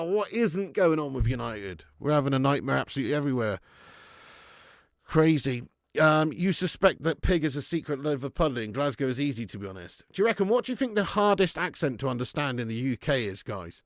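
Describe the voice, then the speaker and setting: Brisk and lively in intonation, a slightly high male voice comes through at studio quality with no room sound. He's a young adult fan channel host on a casual livestream, reading viewer comments, laughing a lot and doing mock regional accents.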